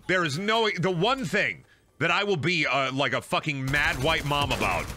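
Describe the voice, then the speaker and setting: Here a fairly high-voiced man is on a casual gaming stream, ranting with plenty of energy and frequent profanity as he plays. A bit of background noise can be heard.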